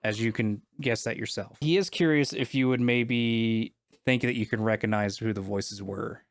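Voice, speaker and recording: A man in a mid-pitched voice runs a tabletop game, casual and loose, trailing off and restarting often. The sound is dry and close, no room in it. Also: moderate pace, no echo. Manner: casual, many fillers and restarts. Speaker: game master.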